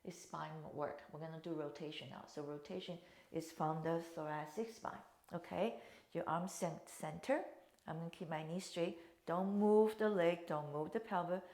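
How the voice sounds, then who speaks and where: An echoey room carries the lowish, darkish voice of a woman instructing a Pilates class. She guides the exercises by calling out breaths and counts, with somewhat shaped phrasing.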